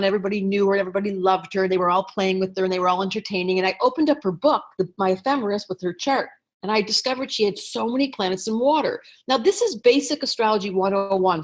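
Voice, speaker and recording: A middle-aged woman astrologer telling a story to an audience in a lively way, acting out quoted lines and clearing her throat now and then. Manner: lively storyteller, acts out quotes with raised pitch. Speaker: astrologer and teacher.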